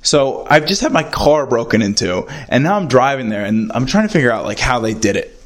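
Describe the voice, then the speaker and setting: A man's voice: medium pitch, fairly quick. Rambling, profane young man telling a story. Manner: rambling, profane, self-mocking; animated, swings from mutters to loud outbursts. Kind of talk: casual monologue.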